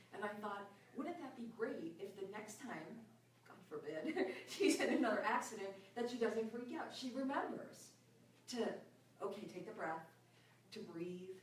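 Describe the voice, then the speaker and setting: Animated woman storyteller, echoey room. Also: medium pitch, normal speed, a little hiss or hum. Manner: animated, laughs often, acts out voices in her story. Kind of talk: personal storytelling in a group talk. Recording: echoey room, mic far off.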